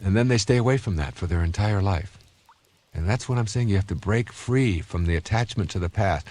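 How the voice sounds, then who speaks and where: A man's voice: on the low side, a little fast, darkish tone, no room sound. A man in his fifties giving a recorded self-help talk in an earnest, conversational, anecdotal way. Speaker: self-help author and speaker.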